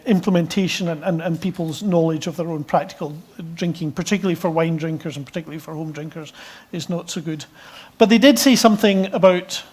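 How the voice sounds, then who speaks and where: A man's voice: on the high side, darkish tone. Hesitant Scottish man presenting to experts. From Scotland. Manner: hesitant, many restarts and fillers. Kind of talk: conference presentation.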